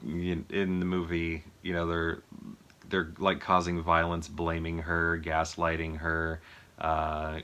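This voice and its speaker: A man's voice: low voice, completely flat delivery, slow, pushed and bright, highs cut off, a little hiss or hum. A man casually reviewing a film as a vlog host, rambling with lots of fillers and chuckles. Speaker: movie review vlogger. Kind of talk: casual chat.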